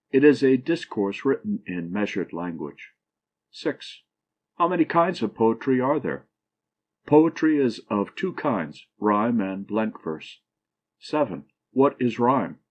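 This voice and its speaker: Male audiobook narrator, low voice, measured question-and-answer delivery, muffled lo-fi recording. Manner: measured, even reading of numbered questions and answers. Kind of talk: reading a grammar book aloud.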